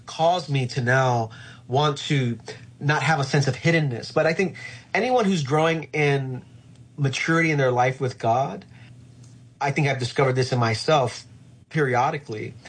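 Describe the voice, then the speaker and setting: Male pastor, husky voice, reflective and earnest, conversational. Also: medium pitch. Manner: reflective, earnest, frequent "uh" fillers. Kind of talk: conversational interview answer.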